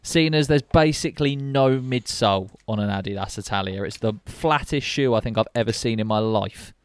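A man's voice: lowish voice, normal speed, clean tone, no room sound, clean studio sound. A young man co-hosting a podcast, chatty and jokey, rambling with fillers as he sets up a game. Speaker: podcast co-host. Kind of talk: casual podcast chat.

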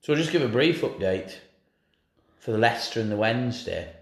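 A man's voice: mid-range voice, animated, brisk, echoey room. A man hosting a casual football podcast, teasing his co-host with jokey banter.

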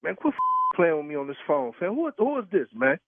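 A man's voice: a little high, sing-song, fairly quick, no echo. A man's voice comes through a thin, phone-like line in a dry, close sound. He talks bluntly in street slang, swearing and pressing the caller with questions. He is worn out from long shifts. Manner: blunt street slang, swears, keeps asking who is calling. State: tired from work. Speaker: prank call target, truck driver. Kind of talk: phone conversation.

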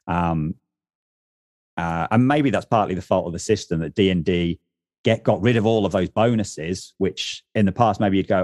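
A man's voice: sits low, moderate pace, no echo, studio quality. A man chatting casually about tabletop games, rambling and correcting himself as he goes. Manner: rambling, self-correcting, animated.

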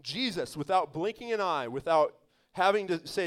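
A man's voice: high-pitched, expressive, normal speed. A man, a pastor, preaching an evening church sermon in an emphatic, conversational way, with laughs and asides to the congregation.

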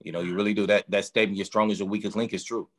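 Rapid-fire and flat in delivery, this fairly low-pitched man coaches boxers on strength and conditioning. He chats casually in an interview, using emphatic, vivid analogies to explain his work.

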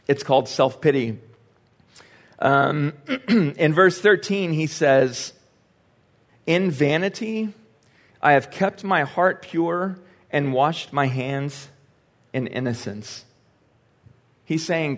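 A man's voice: on the high side, normal speed. A young man preaching a sermon in a church, speaking in a conversational way with joking asides and quoted lines acted out. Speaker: pastor. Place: church sanctuary.

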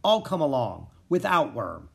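A man's voice: medium pitch, huge pitch swings, a little slow, vocal fry, exaggerated voice. A man voicing an earnest, brave young boy in a storybook reading. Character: brave curious boy, young dragon master.

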